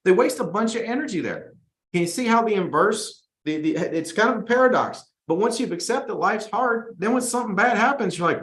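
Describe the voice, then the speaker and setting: A man leads his sales team in a weekly motivational talk, delivering it with high energy and slipping into whiny mock voices of complainers. His voice sits fairly high for a man. The studio around him gives a roomy, echoing sound. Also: animated, brisk, fairly bright tone. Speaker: host and sales team leader.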